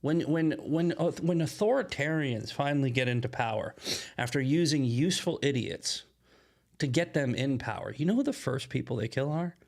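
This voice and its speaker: A man's voice: medium pitch, moderate pace, gravelly. A man hosting solo political commentary, emphatic and often asking "right?" as he restarts his phrases.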